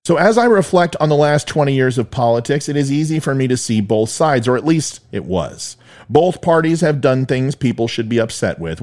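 A man's voice: medium pitch, darkish tone. Middle-aged male podcast host with a mid-range voice and a wry, joking monologue style. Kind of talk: solo monologue with storytelling.

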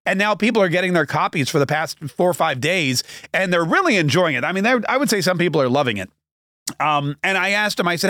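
A man's voice: on the high side, lively intonation, fast, fairly bright tone, no room sound, studio quality. A man hosting his conservative talk show, chatting casually and joking, rambling with frequent self-corrections. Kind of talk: casual podcast monologue.

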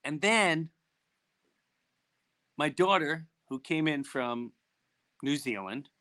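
A man's voice: a little high, takes it slowly. A middle-aged man hosting a podcast, telling a story casually and acting out the voices of the people in it. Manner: animated, acts out quoted voices. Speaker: podcast host.

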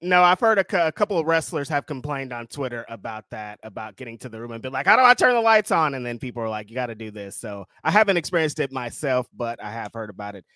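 A man's voice: medium pitch, quick pace, few pauses, pushed and bright, no echo. A man co-hosting a casual live-stream chat, teasing and joking back at his co-host. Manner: teasing, reactive banter. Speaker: podcast co-host.

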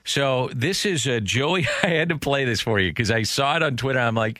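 Bright guy hosting sports radio, rambly casual talk, dry mic. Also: mid-range voice, normal speed, hardly any pauses, dry recording. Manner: rambling, conversational. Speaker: radio sports show host.

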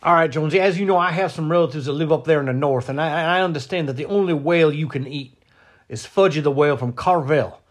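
A high-pitched middle-aged man rambling through a comic monologue. He stumbles over his words and repeats them. His indignation is played up for laughs. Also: quick pace. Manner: mock-indignant. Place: lives in Florida.

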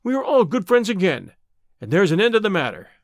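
A man voicing a burly, domineering male lodge boss who is bluff and menacing, with a loud, commanding manner that turns to hearty bluster. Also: sits high, sing-song, normal speed, dry recording.

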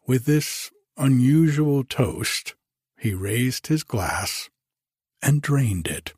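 A man reading a novel aloud as narrator, in a measured, expressive storytelling manner. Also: mid-range voice, husky, no room sound, clean studio sound.

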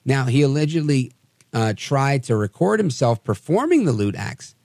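Man, gravelly voice, dry close sound, casual news commentary, wry asides. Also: mid-range voice, normal speed, no room sound. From New Jersey area. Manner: wry, animated storytelling with asides. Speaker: podcast host.

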